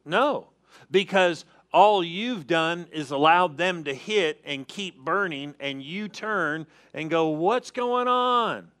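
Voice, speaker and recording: A man's voice: on the high side, slow pace, fairly bright tone. A man preaching a sermon as pastor, emphatic, calling on the congregation to answer and repeating key phrases.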